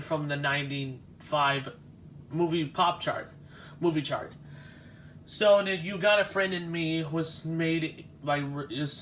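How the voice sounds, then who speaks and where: Guy walking round an exhibit, slow and halting, kinda high voice, faint room noise behind. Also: a bit bright. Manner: halting, restarts often, nostalgic. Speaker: vlogger touring an exhibition. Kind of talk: casual walk-through commentary.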